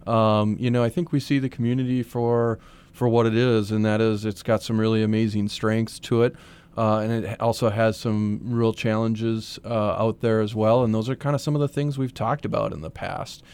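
Man, middle-aged, city manager guest, low voice, gravelly, measured, thoughtful. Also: level tone, darkish tone. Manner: measured, thoughtful, many fillers. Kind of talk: casual interview talk.

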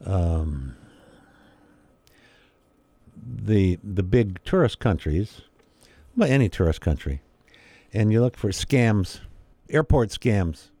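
Chatty man guest, low mellow voice, dry close sound; tells stories and slips into quoted voices. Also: animated, slow pace, pauses often, husky, no echo. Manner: chatty storyteller, acts out quoted voices with laughs. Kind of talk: casual conversation.

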